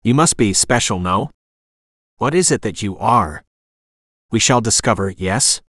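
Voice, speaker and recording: A man voicing a confident, eerie stranger who speaks in formal, oddly worded phrases with calm menace. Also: fairly low pitch, measured pace, no echo, studio quality. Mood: calm menacing.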